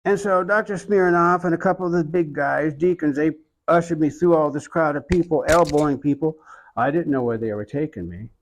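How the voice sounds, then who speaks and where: An older man with an Oklahoma accent, an interviewee who tells his story slowly and reflectively, with many pauses. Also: a little high, poor audio. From Oklahoma, USA. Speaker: interviewee, iconographer.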